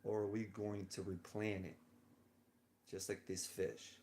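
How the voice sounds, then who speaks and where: A man's voice: on the low side, flat delivery, unhurried, dark tone, a little hiss or hum. A man vlogging a rambling personal monologue, musing and drifting between thoughts with frequent chuckles, lying in bed indoors.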